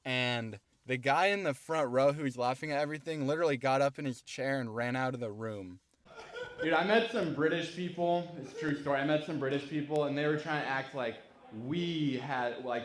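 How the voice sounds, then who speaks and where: A man's voice: mid-range voice, normal speed, a little hiss or hum. A male stand-up comedian recapping his set in a casual vlog, laid-back and profane, judging his own jokes.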